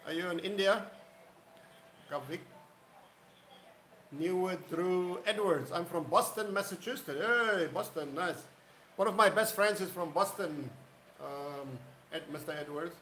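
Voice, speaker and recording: A man's voice: sits high, a little slow, long pauses, a bit bright, roomy sound, slight background noise, low-quality recording. A man hosting a casual live stream, rambling and greeting viewers by name. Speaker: livestream host.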